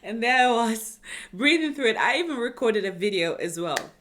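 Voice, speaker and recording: A British woman in her twenties telling her own story in a chatty, expressive way and speaking straight to her viewers. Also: on the high side, moderate pace. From United Kingdom. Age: 20s. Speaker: vlogger. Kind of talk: personal storytelling vlog.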